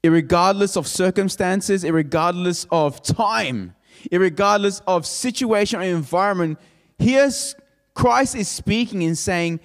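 A man with a high-pitched voice preaches a sermon, building each point through emphatic repeated phrases. His words trail off into a long hall reverb, as if carried through a church sanctuary. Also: unhurried. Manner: emphatic, repetitive preaching cadence. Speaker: pastor.

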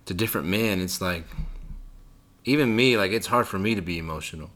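Low bright-voiced man chatting. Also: a little fast. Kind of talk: casual conversation.

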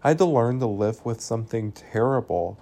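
A speaker quoting a brooding young man from a film in a slightly lower, softer voice, earnest and mopey. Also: animated, fairly quick, vocal fry. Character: brooding young man confessing a dark secret.

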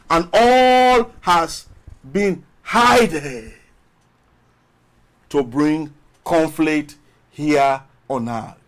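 Slow, high-voiced preaching man. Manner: emphatic preaching with long pauses and rising calls; repeats phrases, drawn-out words. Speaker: pastor. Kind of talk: sermon.

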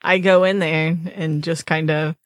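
Slow-talking woman playing in character. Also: low voice, no room sound, clean studio sound. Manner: hesitant, swears casually, relaxed. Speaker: player. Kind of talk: playing a tabletop game in character.

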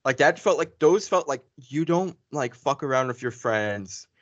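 Excitable rambling male podcast host. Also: medium pitch, normal speed, no echo. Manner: excited, rambling, many fillers and restarts. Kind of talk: casual spoiler review chat. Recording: dull lo-fi sound.

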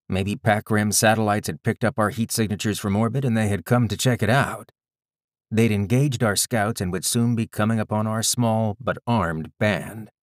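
A man reading a first-person story aloud in a measured, gritty storytelling manner. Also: on the low side, no echo, clean studio sound. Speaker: audiobook narrator. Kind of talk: scripted first-person narration.

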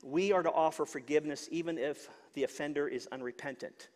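A man's voice: fairly high pitch, fairly quick, a little mellow, long reverb tail. A man preaching a sermon as pastor, earnest, often repeating words as he searches for them.

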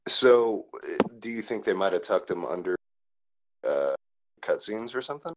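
A man's voice: low-pitched, lively intonation, normal speed. A man co-hosting a podcast, joking in laid-back casual banter. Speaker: podcast co-host.

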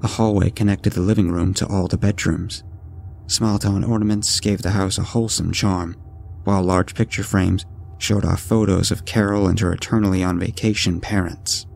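A man narrating a first-person horror story at a measured, steady pace. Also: deep voice, vocal fry, a little hiss or hum. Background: faint background music.

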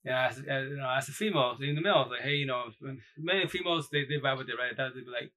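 A man's voice: mid-range voice, fast, bright, forceful tone, poor audio. A man hosting a casual live stream, talking bluntly in loose slang with many restarts. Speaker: live-stream host giving dating advice. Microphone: phone or computer mic on a live stream.

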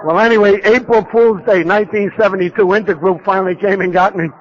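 A man with a somewhat high voice tells his life story to a conference audience. He mocks himself and keeps repeating vivid details. The old tape sounds muffled and dull. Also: fairly even intonation, fast, a little hiss or hum. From New York. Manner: humorous, self-mocking storytelling with vivid repetition. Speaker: speaker sharing his recovery story. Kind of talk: storytelling talk at a recovery conference.

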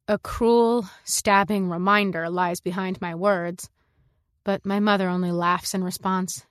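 A woman narrating a science fiction story in the first person, in a measured, reflective way. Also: lowish voice, fairly even intonation, smooth, no room sound, clean studio sound. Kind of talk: scripted narration.

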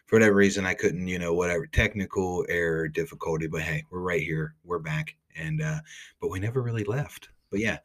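Podcast host, Ohio man, very low voice, rambling casual storytelling. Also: a little fast. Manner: rambling, animated, lots of "like".

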